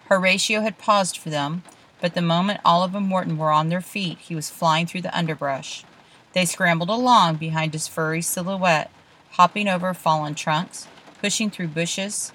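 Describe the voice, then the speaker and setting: A woman narrating a children's storybook with hushed, suspenseful storytelling. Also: fairly low pitch, low-quality recording. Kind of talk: storybook reading.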